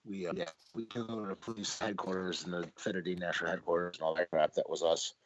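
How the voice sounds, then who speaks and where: A man's voice: sits low, level tone, fast, slight background noise. A man hosting a podcast in casual chat, talking bluntly with plenty of swearing and rambling asides. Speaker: podcast host. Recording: dull lo-fi audio.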